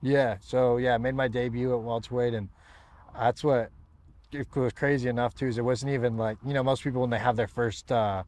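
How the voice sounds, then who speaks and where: A young American man from San Diego, a guest fighter, chatting casually and telling animated stories with frequent laughs. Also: mid-range voice, brisk. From San Diego, USA. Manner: laughs often, animated storytelling with many fillers. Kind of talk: casual chat.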